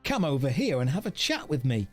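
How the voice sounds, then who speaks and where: A man's voice: mid-range voice, sing-song, a little fast, soft background music. A man reading a game character's lines in a put-on Australian accent, as a cheery museum worker. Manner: exaggerated slangy drawl, reading NPC lines aloud.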